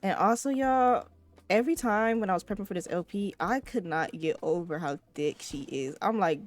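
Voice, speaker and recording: A woman's voice: medium pitch, animated, measured pace, faint music behind. A woman giving casual, chatty gameplay commentary, swearing freely and talking straight to her viewers. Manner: chatty, profane, addresses viewers. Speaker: let's play host.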